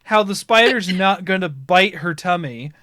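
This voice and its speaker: A man from Ohio, a podcast host, telling stories in casual chat and bursting into loud laughing shouts. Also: high voice, normal speed, no echo. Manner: animated storyteller, swings into loud laughing shouts.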